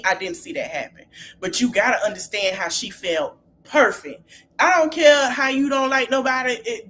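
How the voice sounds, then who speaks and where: Woman host, chatty recap, lively and quick to laugh, faint noise under the voice. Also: medium pitch. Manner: animated, laughs often while retelling scenes. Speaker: podcast host. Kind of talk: casual reality TV recap.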